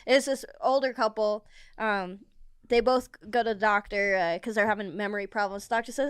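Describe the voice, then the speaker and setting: Smooth-voiced woman telling a joke. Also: medium pitch, brisk, dry recording, studio quality. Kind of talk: casual storytelling.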